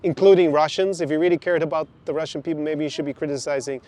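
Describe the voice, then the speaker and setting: A man's voice: fairly high pitch, steady tone, quick pace, a little mellow. A man giving critical, sarcastic reaction commentary on a clip, outdoors in a city. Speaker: YouTuber reacting to a video.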